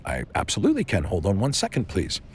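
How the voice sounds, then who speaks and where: A man's voice: fairly low pitch, huge pitch swings, fast talker, slight background noise. A man voicing a shop owner in his sixties who speaks formally and politely. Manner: formal, courteous.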